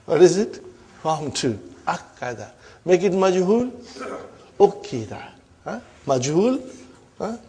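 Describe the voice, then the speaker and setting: A man's voice: sits high, very animated, slow pace, pauses often, warm tone, husky. Male teacher quizzing his class. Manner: checks understanding with frequent "huh?" and "are you with me?"; drills students with repeated questions and term-by-term explanation. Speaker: Arabic grammar teacher. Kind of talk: classroom grammar lesson.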